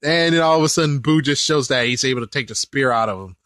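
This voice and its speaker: A man's voice: medium pitch, quick pace, a bit bright, no room sound. A young man giving a casual, rambling episode commentary, laughing as he talks. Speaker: host.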